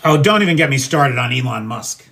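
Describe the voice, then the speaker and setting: A man's voice: mid-range voice, animated, fairly quick, a bit bright. An American man hosting a casual livestream from his home kitchen, cooking and talking in a blunt, profane, ranting way. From United States. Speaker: livestream host.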